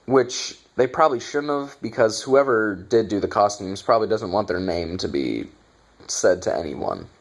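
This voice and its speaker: A man's voice: lowish voice, expressive, normal speed, gravelly. A man reviewing a bad movie in a casual, exasperated rant, swearing and sarcastic.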